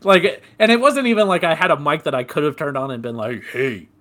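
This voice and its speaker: A man's voice: on the high side, fast talker. A man in his twenties, a podcast co-host, telling gaming stories in casual chat and laughing as he goes. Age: 20s. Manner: animated storyteller, laughs while telling.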